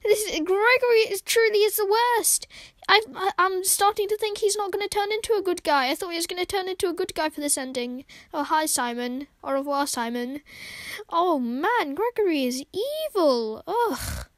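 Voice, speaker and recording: A woman's voice: extremely high pitch, normal speed, no room sound. A woman giving casual, exasperated commentary over a game, laughing and talking back to characters. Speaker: gaming channel host. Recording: game music behind voice.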